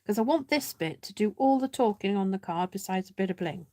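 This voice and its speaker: In a dry recording, a woman with a mid-range, dark-toned voice runs a casual live card-making session at a slightly quick pace. Her intonation is lively as she chats, thinks aloud over her work, jokes at her own expense and greets viewers by name.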